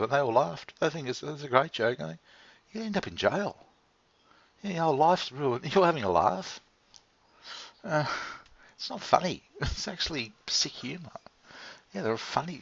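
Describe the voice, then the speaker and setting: On a dull lo-fi recording with no echo, a man with an Australian accent speaks in a gravelly, somewhat bright voice on the low side. As a vlog host, he rambles casually, laughing a lot and swearing freely.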